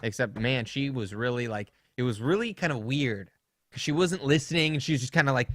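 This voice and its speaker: A man's voice: medium pitch, quick pace, fairly bright tone, no echo, studio quality. A young man co-hosting a podcast, rambling through funny stories in casual chat and laughing often. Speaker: podcast co-host.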